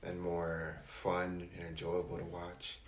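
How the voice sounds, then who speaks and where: A young man from Florida hosting a casual chat, telling stories in an animated way and quoting people in exaggerated voices. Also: low-pitched, slow pace, reverberant, slight background noise. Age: young adult. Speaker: channel host.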